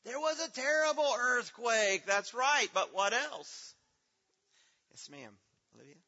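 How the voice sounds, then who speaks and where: A man with a very high, bright, forceful voice, animated and a little slow, teaches children at a church assembly, asking Bible questions and praising their replies. The reverberant hall comes through in a dull, lo-fi recording.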